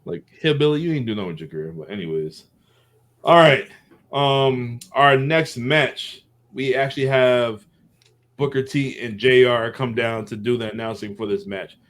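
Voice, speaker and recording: A man's voice: mid-range voice, moderate pace, a bit bright. Man rambling through a match recap. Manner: rambling play-by-play recap, chuckling. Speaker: podcast host. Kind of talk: casual podcast chat.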